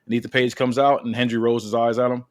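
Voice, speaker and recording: A man's voice: medium pitch, flat delivery, fast talker. A man hosting a podcast, casually reading out a wrestling story with many fillers. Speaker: podcast host.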